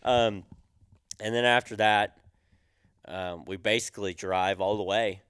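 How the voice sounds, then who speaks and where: A man's voice: on the low side, fairly even intonation, measured pace, clean tone, dry recording. Laughing young man telling a story. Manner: laughing often, acts out quotes with a yelling voice. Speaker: podcast co-host. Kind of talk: casual storytelling chat.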